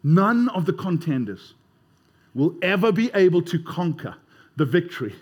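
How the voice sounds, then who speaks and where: A man's voice: high-pitched, very animated, normal speed, husky. A man preaching a sermon in a conversational way, leading the congregation in call-and-response. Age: 30s or older.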